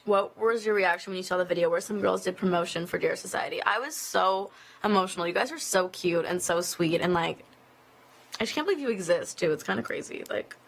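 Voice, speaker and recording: A woman answers fan questions in a casual live stream, streamed from a phone inside an office building. Her voice has a gravelly, fry-tinged texture, and her talk rambles from one thought to the next, full of "like" fillers. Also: fairly low pitch, fairly quick. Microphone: phone streaming live video.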